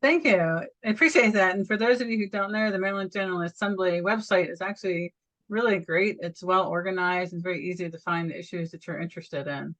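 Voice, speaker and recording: A woman's voice: lowish voice, a little fast, fairly bright tone, rough recording. A woman co-moderating an event, reading audience questions aloud in a polite, plain delivery.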